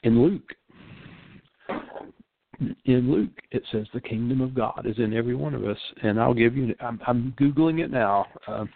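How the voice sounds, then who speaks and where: A man's voice: medium pitch, normal speed, vocal fry, long pauses, slight background noise. An older man, a pastor, giving an earnest sermon-style radio talk and repeating phrases for emphasis. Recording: phone-like dry line.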